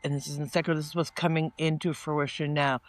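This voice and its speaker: A man giving a casual spoken tarot reading. He rambles and often restarts his sentences, and he turns lively when he quotes people. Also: a little high, fast, dry recording. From northeastern United States. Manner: chatty and meandering, with many restarts and asides; animated when quoting people in mock-casual voices. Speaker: tarot reader.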